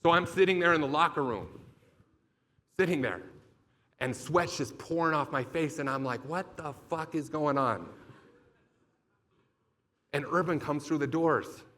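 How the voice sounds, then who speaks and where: A man's voice: on the high side, normal speed, pushed and bright. A man giving a motivational keynote talk, telling a vivid story with lots of swearing. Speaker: motivational speaker. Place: event stage.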